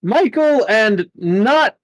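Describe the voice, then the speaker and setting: A man's voice: high-pitched, lively intonation, very slow, no room sound. A man running a tabletop game as game master, narrating playfully between laughs.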